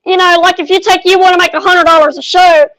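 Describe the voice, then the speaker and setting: Woman guest, very high voice, agreeable, dry close sound. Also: steady tone, fast talker, a bit bright, dry recording, rough recording. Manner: agreeable, chimes in with short affirmations. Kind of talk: casual podcast chat.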